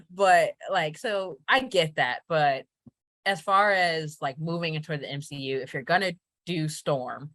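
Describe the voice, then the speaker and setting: A woman in casual chat, opinionated and quick to laugh. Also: sits low, a bit bright, no echo.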